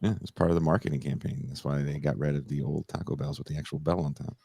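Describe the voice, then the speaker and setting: A male podcast host, joking and animated in casual conversation with guests. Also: very deep voice, fast, creaky, breathy edge, no echo.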